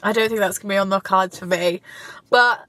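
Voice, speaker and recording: A woman's voice: medium pitch, a little fast, fairly bright tone. A young woman, vlogging casually from her car, chatty and gushing, now and then tearful. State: tearful at times. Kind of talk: casual chat while driving. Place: inside a car.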